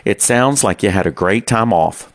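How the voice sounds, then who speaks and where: A man's voice: lowish voice, moderate pace, natural voice. A man voicing a friendly Scottish office manager. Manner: friendly, relaxed small talk.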